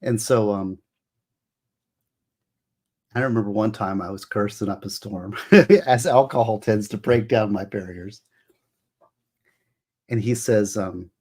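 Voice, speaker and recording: A man's voice: lowish voice, steady tone, a little slow, pauses often, a little mellow, slightly rough. A middle-aged man hosting a casual livestream, rambling and emotional as he explains law. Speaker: livestream host.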